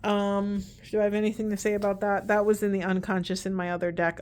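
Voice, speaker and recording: Woman doing a card reading, rambly and earnest, lots of likes, mid pitched voice. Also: little pitch movement, quick pace, darkish tone. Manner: chatty and rambling, earnest, with many likes and restarts. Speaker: tarot and oracle card reader. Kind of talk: casual spiritual card reading to camera.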